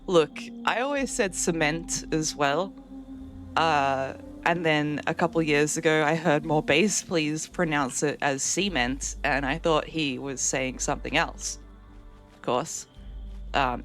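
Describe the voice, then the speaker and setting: A woman streaming a game at home, chatting casually with her viewers and laughing easily. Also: low voice. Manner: chatty, reads out and answers chat, laughs easily. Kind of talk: casual live-stream chat while gaming.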